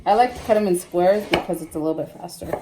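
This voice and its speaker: A woman's voice: on the low side, fast. Woman, casual cooking vlogger, laughs easily, kitchen noise behind her. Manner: chatty, laughing storyteller. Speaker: home cook filming herself. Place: home kitchen. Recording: noisy kitchen recording.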